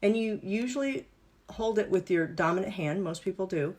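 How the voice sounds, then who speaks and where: A woman's voice: medium pitch, moderate pace, a little mellow. A woman coach leading a live online workshop, explaining exercises in an upbeat, playful, instructive way. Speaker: wellness and business coach.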